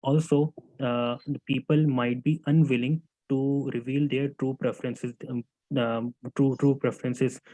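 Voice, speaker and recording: Male student, mid-range voice, halting class presentation, dry sound. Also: medium pitch, flat delivery, warm tone, no room sound, rough recording. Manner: hesitant, many fillers and restarts; addresses teacher as sir.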